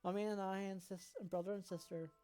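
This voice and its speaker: A woman voicing a calm, gentle male caregiver, speaking softly and hushed. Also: mid-range voice, quick pace, close to an everyday voice. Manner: soft and hushed. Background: faint game music.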